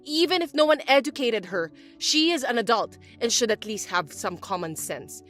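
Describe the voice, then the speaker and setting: A bossy older mother-in-law, voiced by a woman reading the story, talks in a high, lively, swooping voice. She sounds indignant and self-pitying. Soft music plays faintly underneath. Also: normal speed. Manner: indignant, accusing, whiny.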